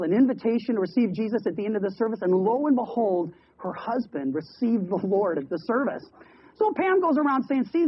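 A man's voice: high voice, slightly rough. Man preaching over lo-fi radio. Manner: storytelling with quick voiced asides and repeated words. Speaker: pastor. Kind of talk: sermon. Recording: dull lo-fi radio broadcast.

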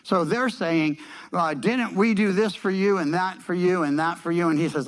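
A man preaching a sermon in an unhurried, conversational teaching tone, often repeating words and restarting his phrases. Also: high-pitched, animated.

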